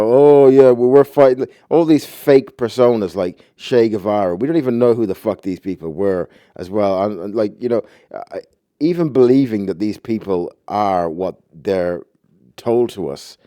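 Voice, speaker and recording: A man's voice: lowish voice, warm tone, no room sound. A man ranting about a movie in a profane, agitated, rambling way.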